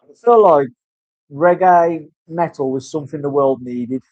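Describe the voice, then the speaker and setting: A man's voice: on the high side, a little slow, no room sound. A man chatting casually at work as a tattoo artist, swearing freely and telling rambling stories. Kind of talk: casual chat while working. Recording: dull lo-fi recording.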